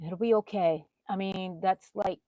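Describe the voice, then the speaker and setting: A middle-aged woman, hosting a casual crochet livestream. She chats warmly and emotionally, greeting viewers by name and reassuring them. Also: medium pitch, fairly even intonation, a little slow, no echo. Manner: chatty, reads out viewer comments by name. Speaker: crochet channel host.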